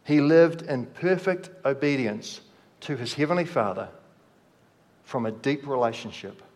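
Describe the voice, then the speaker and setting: A man preaching a sermon, slow and measured, letting his voice drop softly at the ends of phrases. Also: mid-range voice. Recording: long hall reverb.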